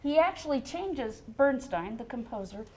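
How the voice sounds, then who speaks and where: A woman with a slightly high voice teaches music on a studio show. She explains rhythm to a young student in a chatty, encouraging way and hums the beats as she goes. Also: sing-song, moderate pace, warm tone, slight background noise. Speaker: music educator. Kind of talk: explaining music to a child on air.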